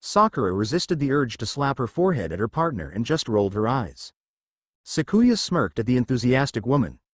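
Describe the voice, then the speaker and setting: A man reading a fan fiction story aloud with an animated, lively storytelling delivery. His voice is mid-pitched and the recording is close and dry, with no room sound. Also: brisk, dry recording. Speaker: narrator.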